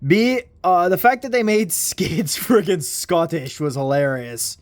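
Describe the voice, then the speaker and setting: Young guy, slangy toy-review rambler, unhurried delivery, slightly high voice. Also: dry recording. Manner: rambling, slangy, mild swearing. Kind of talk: casual vlog review.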